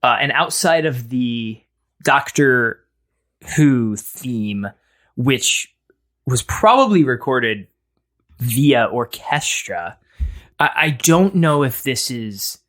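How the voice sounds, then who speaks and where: A man's voice: medium pitch, animated, slow pace, long pauses, fairly bright tone. A man co-hosting a casual comedic chat, rambling and hesitant with a playful edge. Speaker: podcast co-host.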